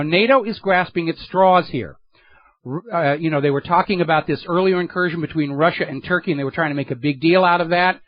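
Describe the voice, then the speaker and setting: A man's voice: a little high, dry recording, highs cut off. A man hosting a political talk radio show, delivering an emphatic, sardonic monologue into a studio microphone.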